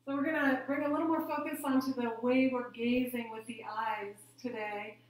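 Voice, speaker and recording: A woman teaching a gentle yoga class, guiding the breath in a calm, soothing way. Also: fairly high pitch, moderate pace. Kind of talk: guided yoga instruction. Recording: very echoey room.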